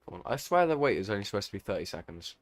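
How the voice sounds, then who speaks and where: A man's voice: lowish voice, very fast. A man commentating on a sim racing league event, calling the race with energy and often stopping to correct himself. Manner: excitable race calls, self-correcting. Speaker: lead commentator.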